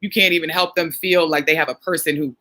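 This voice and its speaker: A woman's voice: low-pitched, fairly even intonation, fast talker, sharp tone. A woman therapist hosting a casual live chat, speaking frankly and acting out little quoted lines. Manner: frank, reads viewer comments, acts out quotes. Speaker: therapist host.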